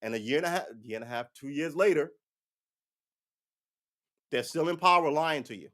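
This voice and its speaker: A man's voice: on the high side, normal speed. A man in his forties hosting a livestream, ranting casually with lots of swearing and restarts. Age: 40s. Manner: profane, rambling, animated talk with restarts. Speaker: livestream host.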